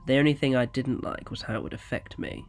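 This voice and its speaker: A man voicing a resentful, bitter adult son who mutters low and sarcastic. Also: steady tone, quick pace, soft background music, close to an everyday voice. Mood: sneering.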